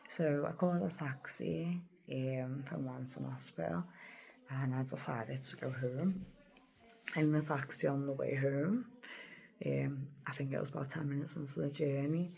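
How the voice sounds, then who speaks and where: A woman's voice: a bass voice, fairly even intonation, measured pace, creaky, dark tone. A woman telling a personal story in a rambling, emotional vlog, often dropping to a whisper. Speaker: vlogger.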